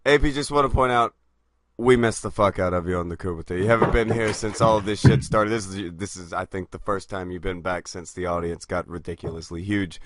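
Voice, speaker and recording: A man's voice: low voice, a little fast. A man co-hosting a live stream, cracking blunt, crude jokes. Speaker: stream co-host. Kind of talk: casual live-stream chat.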